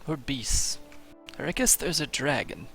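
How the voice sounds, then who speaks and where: A man playing a halting guild mage. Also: expressive, gravelly, over music. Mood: plain. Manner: hesitant, many ums, low-key. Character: guild mage, calm and informative. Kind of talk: tabletop role-play.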